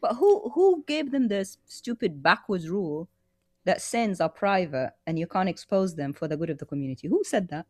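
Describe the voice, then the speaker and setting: A woman's voice: fairly low pitch, animated, moderate pace, darkish tone, no room sound, clean studio sound. A woman co-hosting a livestream, asking pointed, skeptical questions. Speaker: co-host. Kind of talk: livestream commentary.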